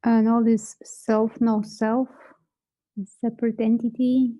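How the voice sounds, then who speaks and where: A woman with a Lithuanian accent leads a self-inquiry session in a calm, encouraging way. Her voice sits a little high but sounds very soft and mellow, and she invites rather than pushes. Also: takes it slowly, poor audio. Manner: calm, encouraging, gently prompting.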